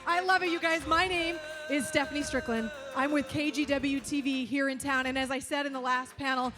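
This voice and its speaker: A woman's voice: high voice, fairly even intonation, fairly quick, over music. A woman moderating a fan convention panel on stage, eager and bubbly, calling herself a resident geek. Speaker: panel moderator, local TV presenter.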